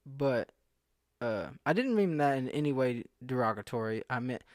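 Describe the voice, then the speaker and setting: A man's voice: mid-range voice, animated, normal speed, dry recording, studio quality. A young man from the southern United States vlogging casually, rambling and interrupting himself, getting incredulous. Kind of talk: casual rambling commentary to camera. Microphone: computer screen recording.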